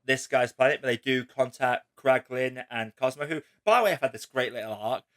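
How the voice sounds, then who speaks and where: A man's voice: medium pitch, fairly quick, fairly bright tone. A man hosting a casual spoiler chat, talking animatedly and acting out quotes in raised voices. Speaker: podcast host.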